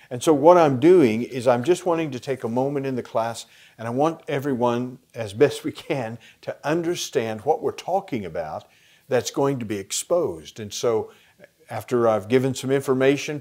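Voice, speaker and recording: A man with an American accent explaining a Bible passage in a conversational lesson, pausing with fillers. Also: mid-range voice, darkish tone. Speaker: Bible study teacher. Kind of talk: teaching a lesson plan.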